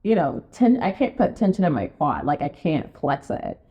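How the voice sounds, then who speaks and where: A woman co-hosting a podcast in casual chat, telling stories full of fillers and acting out her own quotes in a high voice. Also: sing-song, normal speed, warm tone. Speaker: podcast co-host, real estate marketing and sales director. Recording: dull lo-fi podcast recording.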